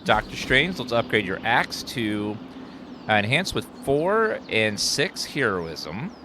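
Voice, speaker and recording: A man casually commenting on gameplay, reading game text aloud and swearing when excited. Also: fairly low pitch, slow, background noise. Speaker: gaming streamer. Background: game music and sounds.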